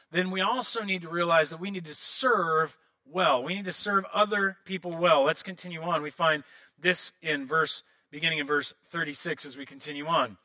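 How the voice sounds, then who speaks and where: A man in his thirties preaching a sermon as pastor, animated, often acting out prayers and quotes in other voices. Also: fairly high pitch.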